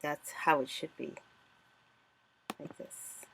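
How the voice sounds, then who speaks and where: A woman who is an author and vlogger talks slowly in a fairly bright voice, chatting casually and thinking aloud while walking through a screen-recorded tutorial. There is a little hiss or hum in the audio.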